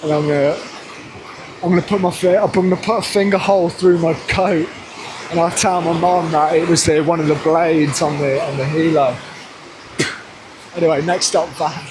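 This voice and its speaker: A man's voice: a little high, steady tone, normal speed. Chatty bloke talking to his camera, rambles a bit, faint outdoor hum behind. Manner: rambling, chatty, self-correcting. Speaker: vlogger. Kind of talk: casual vlog chat. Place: outdoors, then inside a parked van.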